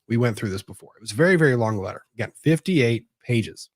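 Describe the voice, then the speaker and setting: Still disorganized from moving, this legal commentary host rambles on and mutters to himself while searching through documents. He has a mid-range voice with lively intonation and a quick pace, recorded at studio quality without echo.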